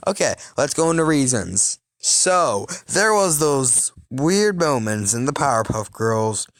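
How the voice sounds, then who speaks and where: A man's voice: medium pitch, sing-song, a little slow, few pauses, no echo, clean studio sound. A man giving casual, rambling commentary on a cartoon, correcting himself often and laughing as he goes. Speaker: video commentator.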